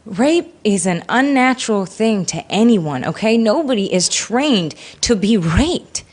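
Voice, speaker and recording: A woman's voice: medium pitch, measured pace. A woman giving an interview, candidly recounting a painful personal experience with emotion. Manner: emotional, animated retelling. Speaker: interview guest.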